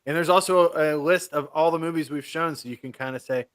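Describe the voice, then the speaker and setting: A man co-hosting a show, chatting casually with jokes and quick banter. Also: a little high, steady tone, a bit bright. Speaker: co-host. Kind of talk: casual chat.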